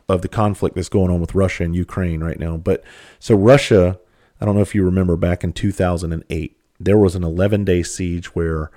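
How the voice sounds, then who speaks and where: Man, very low voice, casual storytelling, loose and profane, fillers. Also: a little mellow. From South Carolina. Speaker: comedian and speaker.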